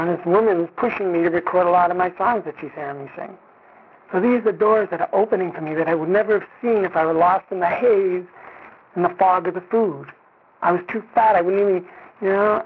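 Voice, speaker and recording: Husky high-voiced man on a tinny line. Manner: conversational, often says "you know", acts out quoted dialogue. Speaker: speaker sharing at a recovery meeting. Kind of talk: personal testimony. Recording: tinny phone-line sound.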